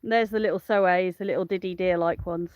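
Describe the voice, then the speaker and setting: Speaking fast in a lowish, steady voice, this woman films a chatty outdoor vlog as she tours her smallholding, laughing a lot and addressing both her animals and her audience. The audio is dull and the background noisy.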